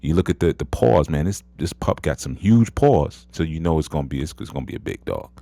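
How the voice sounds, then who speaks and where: Deep-voiced man in his thirties, casual motivational host, emphatic, dry phone-mic sound. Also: lively intonation, brisk, creaky, mellow, dry recording. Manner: emphatic, repeats words, frequent "you know". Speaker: host of an audio chat room.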